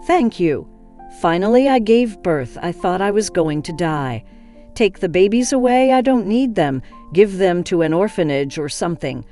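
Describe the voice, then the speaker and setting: A woman's voice: lowish voice, lively intonation, moderate pace, dark tone, lightly acted. A woman voicing a bitter, desperate young homeless woman who speaks bluntly and with self-pity, in an audio story. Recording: faint music behind.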